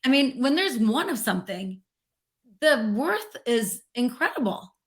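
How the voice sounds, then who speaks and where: A woman interview guest talking in an earnest, reflective way, slowing down to stress key words. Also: fairly high pitch, very animated. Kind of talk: heartfelt interview conversation.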